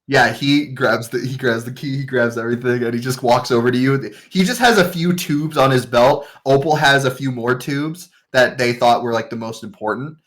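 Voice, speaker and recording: A woman's voice: a bass voice, moderate pace, few pauses. A woman narrating as game master of a tabletop game, chatty and giggly.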